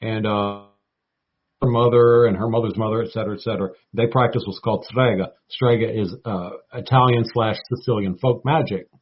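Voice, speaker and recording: A man's voice: fairly low pitch, steady tone, a little fast, breathy edge, muffled recording. A man in his forties with a Southern US accent, a guest on a casual talk show, folksy and playful, often calling people baby and saying y'all. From North Florida, United States. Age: 40s.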